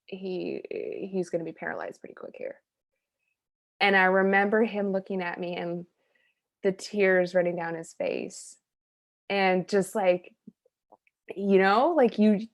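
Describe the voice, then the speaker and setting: A woman's voice: medium pitch, gravelly. Earnest, reflective woman telling a personal story. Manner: earnest and reflective, trailing off into soft quiet phrases. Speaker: interview guest, wellness coach.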